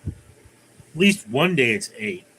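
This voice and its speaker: A man's voice: mid-range voice, very animated, slow pace, a bit bright, a little hiss or hum, poor audio. A man hosting a casual livestream, rambling through viewer comments and telling jokes. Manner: rambling, many fillers and restarts, tells jokes. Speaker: livestream host.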